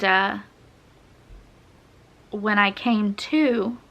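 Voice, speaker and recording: A woman's voice: medium pitch, pushed and bright. A young woman chatting casually, telling a personal story with lots of fillers and frequent laughs. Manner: chatty, laughs often, uses many fillers. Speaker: vlogger telling her birth story.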